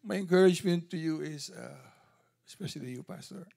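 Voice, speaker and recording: A man giving an animated testimony at a church service, telling his story with quoted dialogue. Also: on the high side, brisk, vocal fry.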